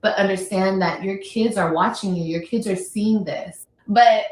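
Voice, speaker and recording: A woman's voice: medium pitch, normal speed, hardly any pauses, a little mellow. A woman, talking bluntly and emphatically on a casual livestream. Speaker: livestreamer, mother. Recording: echoey room.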